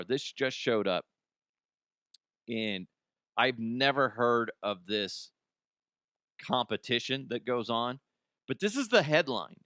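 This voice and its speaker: A man's voice: medium pitch, pushed and bright, no room sound, clean studio sound. A man hosting a comedic news show, rambling bluntly through headlines, swearing and laughing at his own jokes. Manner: casual, blunt, frequent restarts. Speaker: host.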